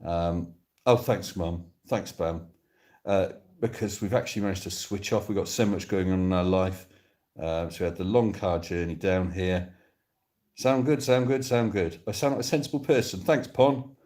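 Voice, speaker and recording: A man's voice: deep voice, normal speed, a little mellow. A man from Devon streaming live from his phone on a sofa, chatting casually and reading viewer comments aloud in a playful, joking way. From Devon, England. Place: indoors on a sofa.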